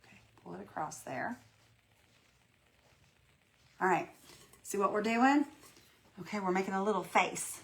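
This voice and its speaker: A woman hosts a casual live painting tutorial as a craft livestream host, folksy and chatty, greeting viewers by name and talking herself through each step. Her medium-pitched voice moves at a measured pace, with vocal fry and long pauses.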